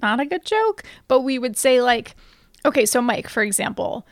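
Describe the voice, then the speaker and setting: A woman's voice: on the high side, lively intonation, moderate pace, no room sound, clean studio sound. A woman co-hosting a podcast in casual chat, a chatty storyteller who giggles through corny puns. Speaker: podcast co-host.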